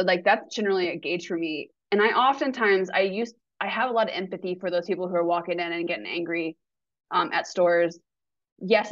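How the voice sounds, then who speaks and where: A woman's voice: fairly low pitch, no room sound. Candid woman talking openly, slightly muffled. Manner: candid, animated, swears casually. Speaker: podcast guest. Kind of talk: casual conversation.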